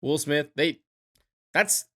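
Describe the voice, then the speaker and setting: A man's voice: on the high side, takes it slowly, pushed and bright. A man co-hosting a casual sports podcast, talking animatedly and swearing freely, trailing off and restarting his sentences. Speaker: podcast co-host.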